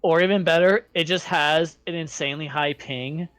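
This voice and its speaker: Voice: mid-range voice, normal speed, fairly bright tone, dry recording. A tabletop game player joking around in casual chat. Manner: joking, playful.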